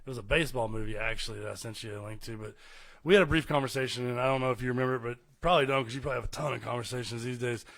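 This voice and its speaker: A man's voice: mid-range voice, rapid-fire, vocal fry, a bit bright. A man from East Texas, hosting a podcast in casual, rambling interview chat. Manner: rambling, chuckles often. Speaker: podcast host.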